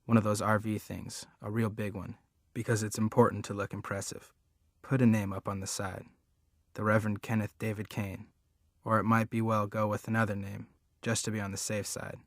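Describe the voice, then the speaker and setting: A man's voice: on the low side, little pitch movement, normal speed, no room sound, clean studio sound, natural voice. A man reading the part of a menacing ex-convict preacher father in an audiobook, with a sly, commanding drawl. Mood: scheming.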